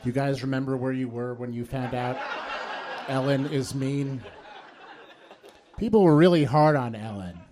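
A man performing a stand-up comedy set on stage, telling conversational stories that build to quick punchlines. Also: mid-range voice, background noise. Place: comedy stage before a live audience. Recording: live set with audience laughter. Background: crowd laughing.

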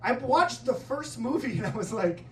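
Male stand-up comic, animated and profane, far-off mic with an audience. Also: very high-pitched, normal speed, a little hiss or hum. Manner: storytelling, profane, self-mocking. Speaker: stand-up comedian. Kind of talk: stand-up comedy set. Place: comedy club stage. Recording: roomy club, distant mic, laughing audience.

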